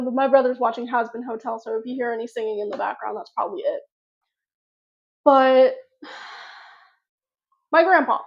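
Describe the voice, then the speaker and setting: A fairly high-voiced woman talks slowly through a personal story for her channel. She rambles, loops back and restarts her sentences. The recording is dull and lo-fi. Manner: rambling, filler-heavy, frequent restarts. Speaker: vlogger. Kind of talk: casual storytelling to camera.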